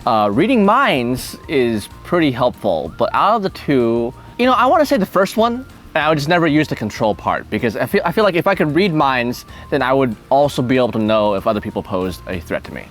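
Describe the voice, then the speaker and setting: A man's voice: mid-range voice, big pitch swings, brisk, few pauses, fairly bright tone, faint music behind. A man hosting a casual chat, thinking aloud, often laughing, with restarts as he answers questions. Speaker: channel host answering questions.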